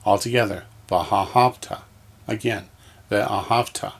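A man's voice: on the low side, unhurried, creaky, slightly rough. A man teaching a reading lesson, patiently sounding out words one syllable at a time from a textbook.

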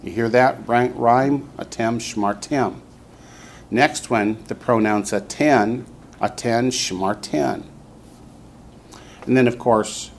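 A man leads a classroom lesson at an unhurried, deliberate pace, with a voice that sits a little low. He patiently repeats each word and waits for students to echo him. A faint hum of room ambience lies under his voice. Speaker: Hebrew teacher. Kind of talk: classroom instruction.

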